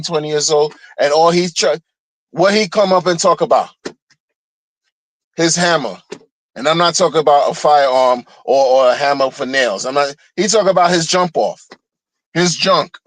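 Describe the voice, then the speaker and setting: A man's voice: on the high side, no room sound, poor audio. A man ranting in a heated, mocking way, repeating phrases to drive his point home. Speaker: streamer ranting commentary. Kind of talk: casual rant.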